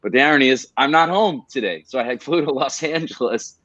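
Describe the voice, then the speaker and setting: A man's voice: mid-range voice, lively intonation, fast talker, fairly bright tone, no room sound, lo-fi sound. A man chatting as a podcast guest, eagerly telling rambling stories. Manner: enthusiastic, rambling storyteller. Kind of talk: casual chat.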